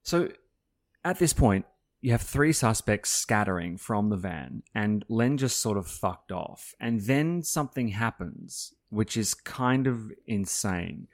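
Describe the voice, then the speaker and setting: A man's voice: on the low side, expressive. A man hosting a chat with his father, asking curious questions and reading passages from his own book aloud. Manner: curious, quick to laugh at himself. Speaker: author and podcast host.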